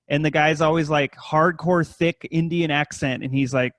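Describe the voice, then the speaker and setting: A man's voice: fairly even intonation, normal speed, hardly any pauses, fairly bright tone, dry recording. A man co-hosting a podcast, rambling through a story in casual talk full of profanity. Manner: rambling, heavy swearing, mimics scammers in high voices. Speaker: podcast co-host.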